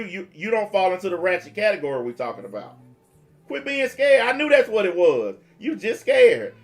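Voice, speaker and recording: A high-pitched man in his forties hosts a livestream and rants at his audience in a blunt, profane, confrontational way. He mocks and scolds as he goes, and faint music plays underneath his voice. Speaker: livestream host taking calls.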